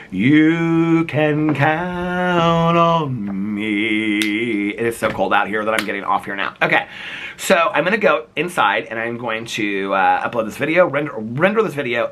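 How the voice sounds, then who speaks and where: A man chatting casually in a vlog, animated and playful, laughing often, recorded outdoors in the cold. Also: mid-range voice. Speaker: vlogger.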